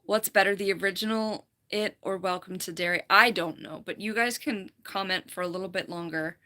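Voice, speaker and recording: A woman's voice: mid-range voice, fairly quick, pushed and bright. A woman hosting a casual live stream from home, chatting with her viewers, giggling often, her voice worn and slightly fried. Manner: chatty, giggly, rambling, reads chat aloud. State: voice worn, slight vocal fry. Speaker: livestream host, falconer. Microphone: computer mic.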